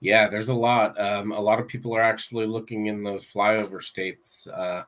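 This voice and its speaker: Low-voiced man talking real estate. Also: normal speed. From Florida. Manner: relaxed, matter-of-fact, some fillers. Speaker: real estate agent guest. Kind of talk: casual podcast chat.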